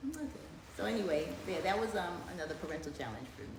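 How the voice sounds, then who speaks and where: A middle-aged woman chats with a lively voice that rises and falls a lot, laughing through her story. She talks fast and rambles with restarts. The room is echoey, with a faint hum of noise behind her. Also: fairly low pitch. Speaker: mother telling a story. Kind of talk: casual storytelling chat.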